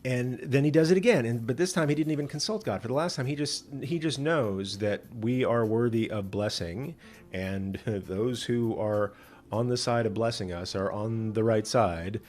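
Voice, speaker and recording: Joking, conversational rabbi. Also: male voice, mid-range voice, moderate pace, a little mellow. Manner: humorous, conversational, many fillers. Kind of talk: casual retelling of scripture.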